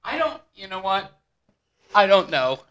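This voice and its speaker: Male talk radio host, bright sharp tone, excitable, rambling banter. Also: sits high, unhurried, highs cut off.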